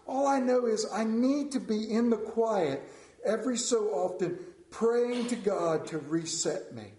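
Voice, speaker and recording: A man preaching a sermon as pastor, conversational and joking, often dropping to a hushed voice. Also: high-pitched, lively intonation, a little slow. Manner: humorous, conversational preaching with sudden hushed drops. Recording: roomy church echo.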